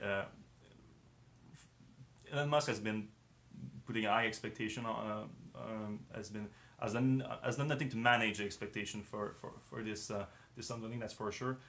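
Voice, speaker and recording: A man's voice: on the low side, fairly bright tone. A man hosting a casual live-stream discussion, talking hesitantly with many fillers and restarts, his voice strained as he loses it. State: losing his voice, clearing his throat. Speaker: host.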